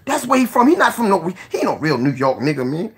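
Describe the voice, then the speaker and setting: Gravelly, laughing man giving shout-outs. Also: high voice, wildly swooping pitch, quick pace. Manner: profane, joking, laughs often. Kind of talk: casual rambling shout-outs to viewers.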